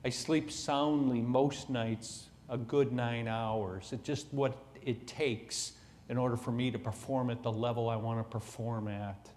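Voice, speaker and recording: A middle-aged man delivers a motivational keynote as a personal story, dropping to near-whispers and then rising loud. His voice sits at an ordinary pitch and rings out with the long echo of a big conference hall. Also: fairly even intonation, a little slow, a little hiss or hum. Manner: dramatic, swings from hushed to loud. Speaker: keynote speaker. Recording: echoey hall.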